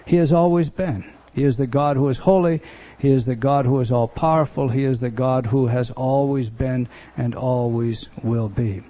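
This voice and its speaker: A pastor with a mellow voice on the high side teaches a Bible study as expository sermon teaching. His style is conversational, and he often restarts phrases and leans on words for emphasis.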